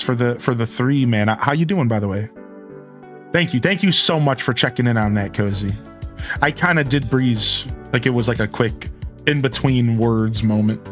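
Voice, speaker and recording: A man's voice: a little high, a bit bright. A man hosting a live game stream, chatting casually and thanking viewers as he goes.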